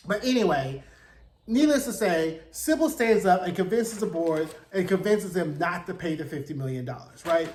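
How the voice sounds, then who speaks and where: A man hosting a casual, chatty TV recap, telling the plot in a gossipy, animated way with slangy asides. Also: high voice. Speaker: TV recap host. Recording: roomy echo.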